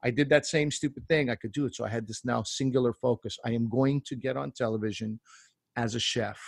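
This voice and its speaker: Man, forties, from Canada, gravelly voice, animated storytelling, dry close recording. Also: mid-range voice, brisk, no room sound. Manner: animated, acts out voices in his stories. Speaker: comedian guest. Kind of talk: casual storytelling.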